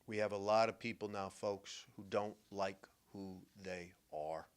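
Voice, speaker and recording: Older New man, talk-show host, punchy storytelling that drops quiet then booms. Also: a little slow, clean tone. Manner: emphatic storytelling, swings from hushed to loud. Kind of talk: radio-style talk monologue.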